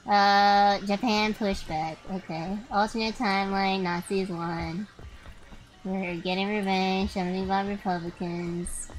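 A young woman streaming a game, chatting to her viewers with lots of swearing and sudden excited outbursts. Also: medium pitch, low-quality recording. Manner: excitable, swears freely, talks to chat. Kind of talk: live gameplay commentary.

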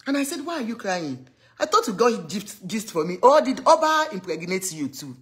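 A woman's voice: medium pitch, moderate pace. A woman with a Nigerian accent chatting casually as a gossip vlogger, telling stories animatedly, acting out the people she quotes and slipping into pidgin and Yoruba phrases. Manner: animated storytelling, acts out quoted voices.

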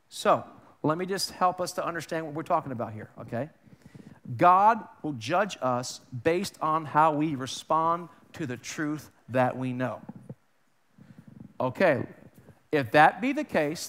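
A high-pitched man preaches to his congregation in a loose, conversational way. He asks the room questions, stumbles and restarts his phrases, and slips in jokes between points. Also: sharp tone. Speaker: pastor. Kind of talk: sermon. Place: church sanctuary.

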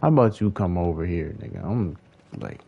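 A man's voice: low-pitched, animated, a little fast, creaky, dull audio, slight background noise. A young man giving casual gameplay commentary, frustrated and swearing as he talks to himself. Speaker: gaming streamer.

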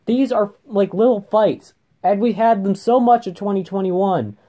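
A man's voice: high-pitched, moderate pace, warm tone. A young man in his late teens ranting emotionally in a confessional vlog, upset, rambling and swearing, with many restarts. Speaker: vlogger.

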